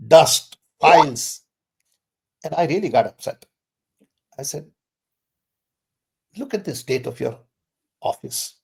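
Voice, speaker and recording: An older man speaking as a guest in a relaxed question-and-answer session. He sounds insistent and emphatic, with his voice leaping up to drive each point home. His pitch sits in an ordinary middle range. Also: gravelly. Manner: emphatic, insistent, sudden rises in pitch for stress. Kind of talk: conversational Q&A.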